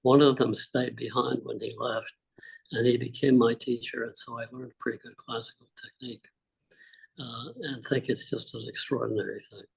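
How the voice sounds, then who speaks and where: An older man telling relaxed, rambling personal stories on a group video call, with many fillers. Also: medium pitch, normal speed, gravelly, slightly rough, rough recording. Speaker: call participant. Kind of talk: casual storytelling on a group call.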